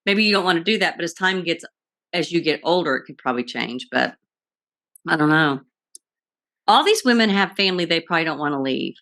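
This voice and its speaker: Bright-voiced woman retelling with gusto. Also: low-pitched, a little fast. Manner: animated storyteller, acts out quotes. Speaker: podcast co-host. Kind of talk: casual chat recapping a TV show.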